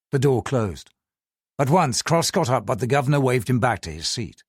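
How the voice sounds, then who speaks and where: A man reads an audiobook with expressive storytelling and a lively, husky voice. The recording is close and dry. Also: mid-range voice, normal speed, no echo. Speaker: audiobook narrator. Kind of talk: scripted audiobook narration.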